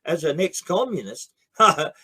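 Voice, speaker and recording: A man's voice: fairly high pitch, sing-song, measured pace, bright, forceful tone, slightly rough. Blunt, swearing Australian man. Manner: blunt, emphatic, profane. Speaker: interview guest. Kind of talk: heated political interview.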